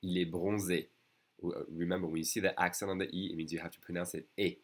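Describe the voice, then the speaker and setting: Deep-voiced French man teaching slowly. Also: flat delivery. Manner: patient, repeats each phrase slowly. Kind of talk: online language lesson.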